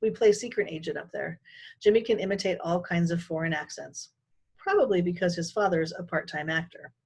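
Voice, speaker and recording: A woman teacher reading a children's chapter book aloud in an expressive, animated way. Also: lowish voice, brisk, slightly rough. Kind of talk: storybook read-aloud.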